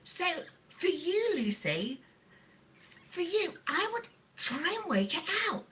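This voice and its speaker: A woman's voice: very high voice, big pitch swings, slow pace, a bit bright. A middle-aged woman with a Nottingham accent, chatting casually on a livestream and reading out viewer comments with frequent giggles. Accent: Nottingham English. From England. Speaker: livestream host. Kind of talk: casual livestream chat while sewing.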